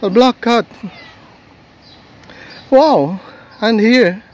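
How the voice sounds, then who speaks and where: A man filming a casual vlog outdoors on a seafront, talking gently and coaxingly to stray cats while narrating on a handheld phone. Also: extremely high pitch, extremely slow. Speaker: vlogger feeding stray cats.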